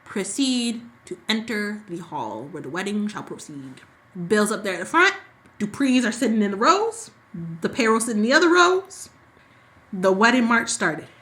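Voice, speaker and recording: A woman co-hosting a podcast, casually recapping a soap opera and acting out the characters' lines in quick, sassy asides. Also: medium pitch. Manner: animated storyteller who acts out characters' lines. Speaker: podcast co-host.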